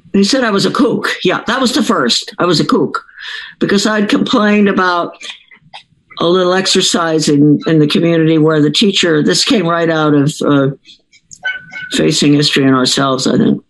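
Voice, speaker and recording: A woman's voice: deep voice, rough recording. Older woman telling a rambling story. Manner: rambling, digressive, self-correcting. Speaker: former school board member. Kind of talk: anecdotal personal storytelling.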